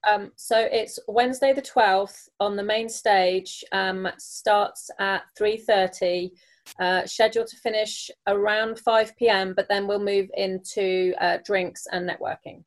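A woman from the UK, a guest on a podcast, speaking hesitantly with many pauses. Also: medium pitch, steady tone. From United Kingdom. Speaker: branch leader of an industry women's group. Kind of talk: casual podcast interview.

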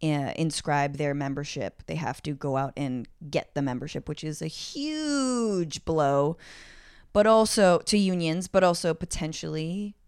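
A woman's voice: deep voice, steady tone, normal speed, hardly any pauses, a little mellow, clean tone, dry recording, studio quality. A woman in her thirties chatting casually as a podcast guest, jokey and self-deprecating. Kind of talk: casual conversation.

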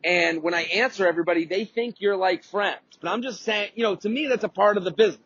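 A man with a high, husky voice rants through an anecdote on his podcast, swearing freely and often circling back to restart a thought. The sound is dry and a little dull, with no room around it. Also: quick pace, fairly bright tone, dry recording. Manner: rambling, profane, lots of restarts and fillers. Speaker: podcast host. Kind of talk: casual storytelling rant.

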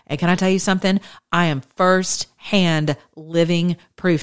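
Woman preacher, informal sermon, impassioned, conversational, pace swings fast and slow. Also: on the low side, clean tone.

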